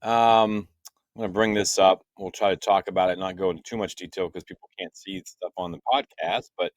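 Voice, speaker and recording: Rambling low-voiced man in his fifties. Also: fairly even intonation, a little fast, dry recording, clean studio sound. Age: 50s. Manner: rambling, trails off, lots of fillers. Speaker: podcast co-host. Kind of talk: casual chat.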